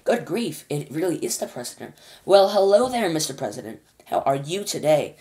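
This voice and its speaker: A woman's voice: deep voice, very animated, moderate pace, warm tone. A woman voicing a brash male astronaut who talks back casually in a storybook reading. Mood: cocky. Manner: cocky, casual slang, talking back.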